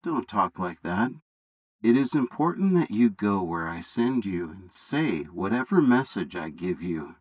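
A man voicing God as a calm, fatherly deity in a bible story reading, speaking steadily and with authority. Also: on the low side, a little slow, dry recording, voice pushed down, rough recording. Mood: reassuring.

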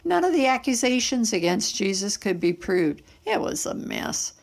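A woman's voice: mid-range voice, very animated, normal speed, vocal fry, pitched above the performer's own voice. A woman voicing a male Roman soldier who gossips in a matter-of-fact tone. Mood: gossiping.

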